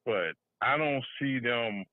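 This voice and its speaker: A man's voice: mid-range voice, dry recording. Man talking politics over a tinny line. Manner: loose, laughing, halting restarts. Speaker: podcast co-host. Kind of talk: casual political chat. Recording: tinny phone-line audio.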